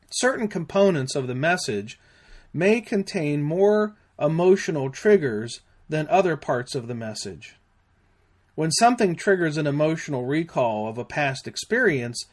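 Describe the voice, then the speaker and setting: A man narrating a scripted safety lesson in a measured, deliberate way. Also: fairly high pitch. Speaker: safety trainer.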